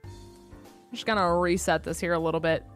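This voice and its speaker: A woman's voice: lowish voice, steady tone, normal speed, faint music behind. A young adult woman chatting casually with her live-stream audience, rambling with many ums and likes.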